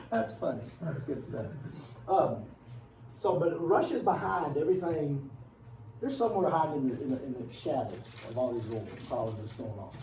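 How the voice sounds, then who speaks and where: A man's voice: mid-range voice, expressive, moderate pace, a little mellow. A male history teacher giving a casual classroom lecture, rambling with joking asides. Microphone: far camera. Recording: echoey room from far off.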